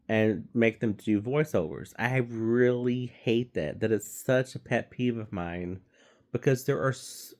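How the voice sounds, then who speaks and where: A man's voice: medium pitch, a little mellow. A man giving a casual, rambling movie review, swearing freely and stumbling through fillers and restarts.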